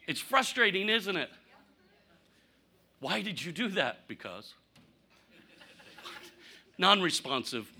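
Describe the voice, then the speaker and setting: A man preaching a conversational sermon, candid and humorous, asking rhetorical questions and swinging from punchy lines to near-quiet asides. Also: sits high, takes it slowly, creaky, pauses often, slightly rough. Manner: animated, rhetorical questions, sudden drops to quiet; candid, self-deprecating humor. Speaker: pastor.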